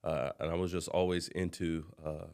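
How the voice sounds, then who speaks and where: Guest: man from Southern California, low voice, loud and animated, telling casual stories about his life. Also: moderate pace, smooth. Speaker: dog trainer, podcast guest. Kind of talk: casual storytelling.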